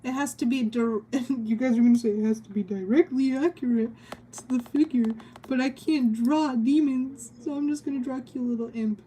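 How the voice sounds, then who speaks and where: A woman's voice: high-pitched, moderate pace, warm tone, breathy edge. A young woman streaming as she draws, chatting casually with a giggly, rambling manner. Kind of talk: casual chat while drawing on stream.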